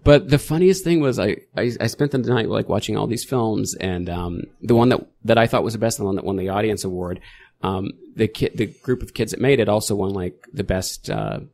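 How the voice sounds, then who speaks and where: A middle-aged man with a slightly low voice talks casually as a podcast guest. He rambles, restarts his sentences and tells stories with animated energy. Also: brisk, creaky. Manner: rambling, self-correcting, animated storytelling. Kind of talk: casual interview chat.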